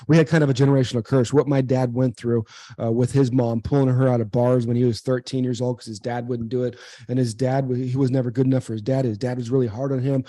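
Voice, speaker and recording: This guest is a former professional baseball player and speaker from the United States, a man in his forties sharing a personal story in an interview. He talks fast in a warm, mid-range voice with a level tone, staying earnest, repeating words, and performing the lines he quotes. There's no room sound.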